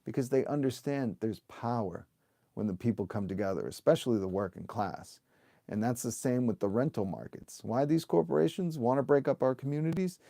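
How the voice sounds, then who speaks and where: A man's voice: medium pitch, expressive, a little fast, vocal fry, dark tone, no echo, studio quality. A man in his thirties hosting a livestream, talking in an impassioned, emphatic way with lots of rhetorical questions, occasionally swearing. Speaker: livestream host and union organizer. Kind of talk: impassioned livestream rant to viewers.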